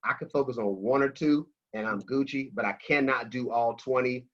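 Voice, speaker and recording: A man talking about money on a video call, emphatic, slangy and energetic. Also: medium pitch, moderate pace. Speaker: financial coach guest. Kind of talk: animated motivational talk on a video call. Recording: dull lo-fi call audio.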